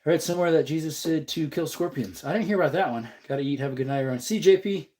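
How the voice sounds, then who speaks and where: Speaking very fast in a warm, slightly high voice, this young man is congested as he runs a laid-back livestream. He works while reading viewers' chat messages out loud and replying in an easygoing way.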